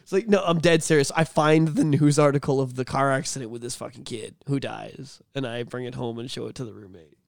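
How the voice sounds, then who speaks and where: A young man tells a story on a podcast in a casual, animated way. He swears often and rambles with lots of fillers. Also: medium pitch, fairly quick, vocal fry, no room sound, clean studio sound. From Canada. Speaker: podcast host.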